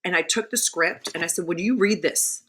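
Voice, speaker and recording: A woman telling a story as a podcast guest in casual chat, animated and chatty. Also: fairly low pitch, moderate pace, a little hiss or hum.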